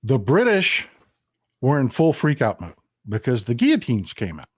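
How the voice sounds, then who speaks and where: Male host, casual political commentary, folksy and animated, dry close sound. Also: mid-range voice, normal speed, breathy edge, no echo. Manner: folksy, animated, mocks historical figures in quoted voices.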